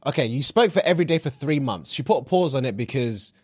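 A man's voice: medium pitch, expressive, quick pace, darkish tone, husky. A young man co-hosting a chat show, recapping a story with wry asides in casual banter.

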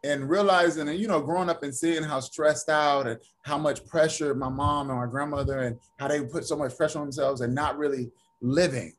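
Man, interview guest, actor and author, animated storytelling, fairly high voice. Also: brisk, few pauses. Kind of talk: casual interview chat.

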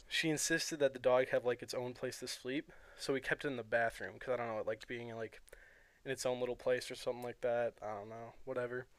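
Young male co-host, rambling and filler-heavy storyteller, mid pitch, dry close mic. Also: no echo. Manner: rambling, filler-heavy, chuckling between phrases. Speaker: podcast co-host. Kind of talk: casual chat, storytelling.

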